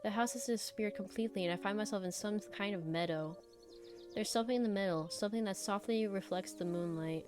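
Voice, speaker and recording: A woman streamer reads a visual novel aloud. Her middle-pitched voice moves from steady narration into blunt, animated asides, with soft game music running faintly underneath. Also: fast. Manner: animated, blunt outbursts between calm reading. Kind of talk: reading a visual novel aloud with live reactions.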